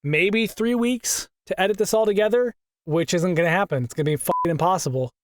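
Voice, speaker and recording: A man's voice: sits high, fairly quick, dry recording, clean studio sound. A man in his twenties reading a scripted game critique who keeps stumbling over words and swearing in frustration. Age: 20s. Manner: swears often, frustrated at his own misreads. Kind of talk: scripted critique narration with outtakes.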